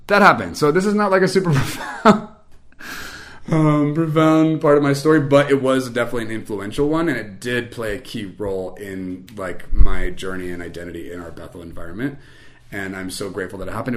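Fast-talking young man telling a story. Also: fairly low pitch. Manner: chatty, lots of "like" and "um", self-mocking humor. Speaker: podcast host telling a personal story. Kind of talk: casual storytelling monologue.

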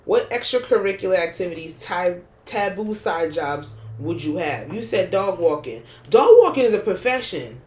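A woman co-hosting a podcast, chatting casually in a blunt, animated way and laughing often. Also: on the low side, moderate pace, few pauses, roomy sound, a little hiss or hum. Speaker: podcast co-host. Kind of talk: casual chat.

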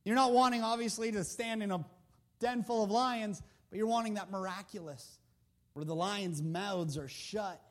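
A male preacher with a strikingly high voice gives a casual, conversational sermon into a handheld mic. He leans on rhetorical questions and emphatic repeats to drive points home. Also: moderate pace.

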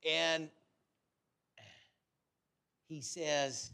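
Male preacher, middle-aged, high voice, slow deliberate delivery, fervent sermon style with hushed asides. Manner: fervent, shifting between loud exhortation and soft asides.

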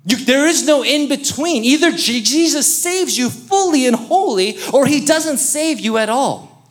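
A male pastor preaching with lots of energy and a conversational touch. He swings his voice up high for emphasis and drops it low and quiet for serious points, joking with the congregation along the way. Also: unhurried. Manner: lively, conversational preaching with jokes and audience interaction. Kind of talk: sermon.

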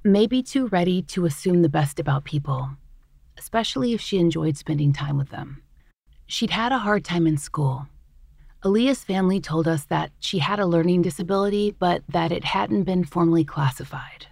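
A woman host reading scripted true-crime narration in a measured, even way. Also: fairly low pitch, gravelly, no echo, studio quality.

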